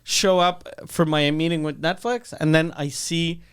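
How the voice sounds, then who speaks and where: A man's voice: a little high, fairly even intonation, a little slow, smooth. A man with a Quebec accent hosting a podcast, telling a rowdy, profane story and acting out what people said. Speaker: podcast host. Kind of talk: casual storytelling chat.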